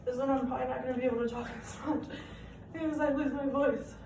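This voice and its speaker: This instructor's voice is high, fast and darkish with fairly even intonation as she coaches a live-style home workout. She's chatty and encouraging, regularly asking "okay?", while the off-mic recording carries echo from the room at home and faint hiss.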